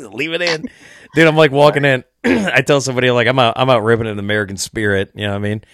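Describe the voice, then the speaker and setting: A man's voice: mid-range voice, fast, fairly bright tone, no echo, studio quality. A young man hosting a casual podcast chat, telling stories with lots of swearing and laughter. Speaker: podcast host.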